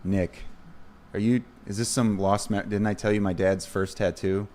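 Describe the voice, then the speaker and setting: A man's voice: on the low side, fairly even intonation, moderate pace, a little mellow, a little hiss or hum. A man co-hosting a talk show, throwing in dry, teasing one-liners. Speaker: podcast co-host. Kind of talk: casual comedic banter.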